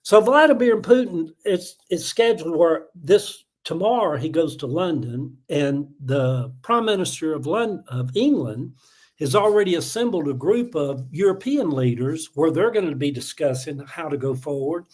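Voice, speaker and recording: A fairly high-pitched, expressive male voice with a darkish tone, moving at a moderate pace. He's a middle-aged livestream host from Atlanta, USA, Southern accent and all, going on a casual political rant that's rambling, heated, and full of fillers and chuckles.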